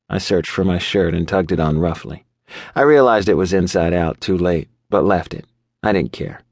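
Deep-voiced male audiobook narrator. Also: normal speed, gravelly, a little mellow, dry recording, studio quality. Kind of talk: scripted first-person narration. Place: studio booth.

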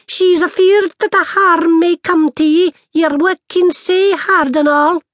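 A man voicing a tiny, fierce male pixie chieftain with a Scottish accent, gruff and blustering, in an audiobook. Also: extremely high pitch, fairly even intonation, unhurried, fairly bright tone, no echo, voice pushed up. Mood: earnest. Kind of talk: audiobook character voice.

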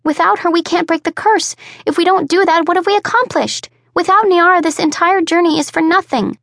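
A woman's voice: very high voice, fairly quick, vocal fry, fairly bright tone, no room sound, studio quality, pitched above the performer's own voice, full character voice. A woman voicing a fierce young heroine whose voice is strained and pleading as she argues her case. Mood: fierce, desperate.

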